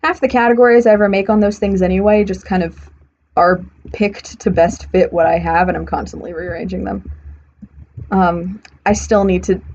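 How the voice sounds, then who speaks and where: In slightly muffled stream audio with faint hiss, a young woman builds in a game and rambles casually to herself. She often corrects herself partway through a thought, and her lowish voice is darkish with a breathy edge.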